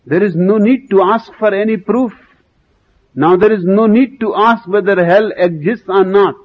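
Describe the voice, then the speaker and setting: A man giving a spiritual talk, slow and emphatic, asking rhetorical questions. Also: high voice, narrow, tinny audio. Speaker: spiritual teacher. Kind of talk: lecture.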